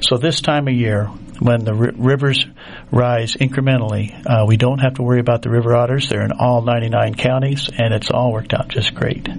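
A man's voice: medium pitch, fairly even intonation, fairly quick. An older man chatting in a radio studio, telling folksy stories about wildlife as the show's nature reporter. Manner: folksy storytelling. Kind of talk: casual radio chat.

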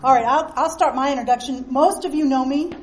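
Retired naturalist in her sixties, high voice, easygoing presenter, distant mic. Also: a little fast. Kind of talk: giving a presentation. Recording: distant field recording with faint noise.

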